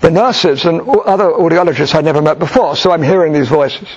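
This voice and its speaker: A middle-aged man answering an audience question with a personal story, thoughtful and halting, with frequent restarts. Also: a little high, darkish tone, slightly rough. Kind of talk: storytelling Q&A talk. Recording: dull lo-fi recording.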